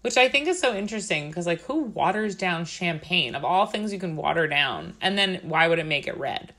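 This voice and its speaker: A chatty woman co-hosting a podcast, her voice on the lower side and bright. She talks loosely, swears freely and laughs through her stories. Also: lively intonation, a little fast. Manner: chatty, swearing, laughs often, mimics movie lines. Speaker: podcast co-host. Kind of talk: casual chat.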